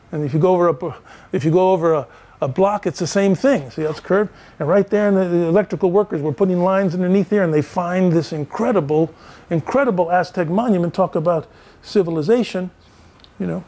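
An older male professor gives a lecture in a fairly high voice. He tells animated stories and acts out the dialogue in them. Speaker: professor giving a talk. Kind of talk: storytelling lecture.

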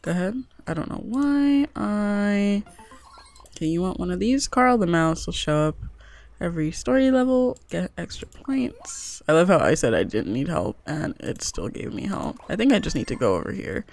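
A woman's voice: on the low side, big pitch swings, normal speed, creaky, a little mellow. A young woman hosting a gaming video, chatting casually and reading the game's text aloud, with many "like" fillers. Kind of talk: casual let's-play commentary.

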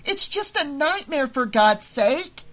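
A woman's voice: mid-range voice, expressive, unhurried, a bit bright, pitched above the performer's own voice. A narrator voicing an anxious, secretive mother who pleads and insists, near tears, in an audiobook. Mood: pleading. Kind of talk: audiobook character reading.

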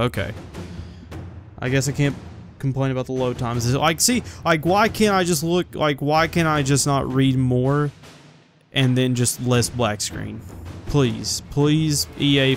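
A male game streamer who rambles along, swears freely and muses aloud as he plays. His voice sits at an ordinary pitch, with loud game music running under it. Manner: rambling, swearing, talks to himself. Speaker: gaming streamer. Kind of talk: let's play commentary.

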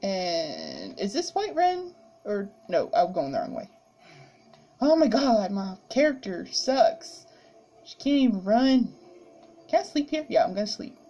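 A woman's voice: mid-range voice, huge pitch swings, unhurried, mellow, lo-fi sound. A woman chatting casually while playing a game, giggling, yawning and talking to the characters on screen. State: sleepy, yawning. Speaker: gamer. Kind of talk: casual gameplay commentary.

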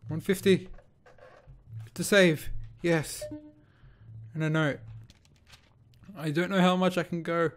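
A man's voice: on the high side, steady tone, takes it slowly, long pauses. A young man nervously narrating his own horror game playthrough, talking to himself and asking the same questions again and again. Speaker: gaming YouTuber. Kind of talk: horror game let's play commentary.

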